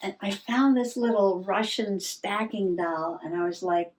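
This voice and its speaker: A woman's voice: medium pitch, normal speed. A woman chatting and giggling as she works on a craft project. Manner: chatty, giggly, talks while working. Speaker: crafting vlogger. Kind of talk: casual crafting chat.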